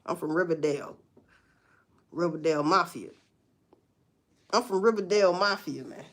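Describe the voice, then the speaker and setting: A woman's voice: lowish voice, normal speed. A woman chatting casually with viewers on a live stream, blunt and profane, with emphatic outbursts. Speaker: livestream host. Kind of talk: casual livestream chat to viewers.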